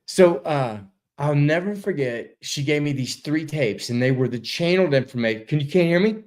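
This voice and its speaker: Over a video call, a male interview guest tells a story in a casual, laid-back way. His voice is fairly high and his pace moderate, and he's animated, swears, and says "dude" a lot.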